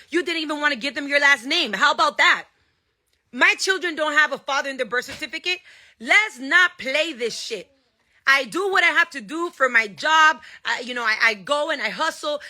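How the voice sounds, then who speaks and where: A woman's voice: sits high, bright, forceful tone. A woman giving a heated personal statement, blunt and profane, hammering her points home and slipping a few Spanish words into her English. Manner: angry, blunt, profane, emphatic. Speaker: singer and TV personality.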